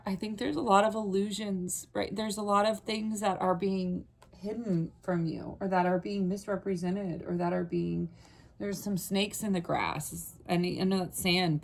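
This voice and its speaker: A woman's voice: on the low side, gravelly, a little mellow. A woman giving an earnest, rambling tarot reading straight to the viewer, full of fillers and restarts. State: briefly emotional, voice catching. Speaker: tarot reader. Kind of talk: casual spiritual tarot reading to camera.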